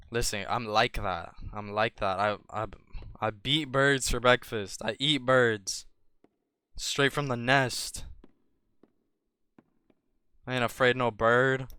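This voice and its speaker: Excitable young male gamer, trash-talking. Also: medium pitch, takes it slowly, long pauses, clean tone, no room sound. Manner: excitable, trash-talking, yelps and shouts when startled. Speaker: gaming streamer. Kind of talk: gameplay commentary.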